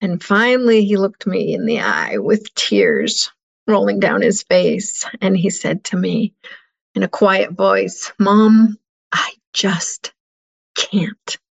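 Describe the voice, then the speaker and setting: A woman's voice: mid-range voice, sing-song, slow pace, vocal fry, husky. A middle-aged woman telling a painful personal story as an interview guest, earnest and heartfelt.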